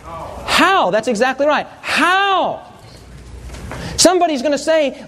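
A man's voice: very high-pitched, very animated, unhurried, fairly bright tone. A pastor preaching a sermon, telling humorous stories and quizzing his congregation.

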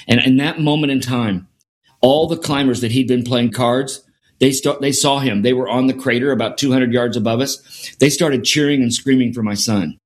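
A man's voice: mid-range voice, fairly even intonation, fairly quick. A middle-aged man, a guest in an interview, telling a story earnestly and repeating phrases for emphasis. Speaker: guest, sport performance scientist.

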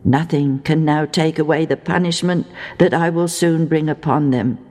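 A woman voicing God in a storybook, giving grave, measured pronouncements. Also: low voice, fairly even intonation, darkish tone, in a large hall. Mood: solemn. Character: the Lord God, solemn and stern.

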